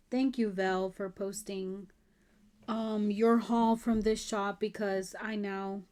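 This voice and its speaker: A woman vlogging about a textile haul, gushing and admiring as she shows each piece in a relaxed, drawn-out way. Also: medium pitch. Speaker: crafting vlogger. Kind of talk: casual show-and-tell haul.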